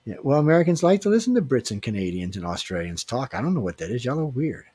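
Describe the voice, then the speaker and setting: A man's voice: mid-range voice, sing-song, fast talker, dark tone, husky, no room sound. A man hosting a casual radio show, joking and rambling with filler restarts. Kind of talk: casual live radio chat.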